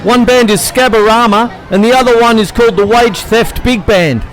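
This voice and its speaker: A man's voice: very high-pitched, steady tone, moderate pace, pitched above the performer's own voice, rough recording. A man voicing a cheapskate male gig promoter who pushes all the costs onto the bands in a breezy, matey patter. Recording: over live music and crowd.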